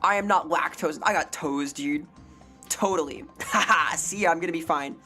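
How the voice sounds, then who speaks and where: A young woman hosting a live stream, her voice sitting on the lower side for a woman. She rambles and jokes with a playful, off-the-cuff manner, reading out chat as she goes. Soft music plays faintly behind her. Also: moderate pace. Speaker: variety streamer.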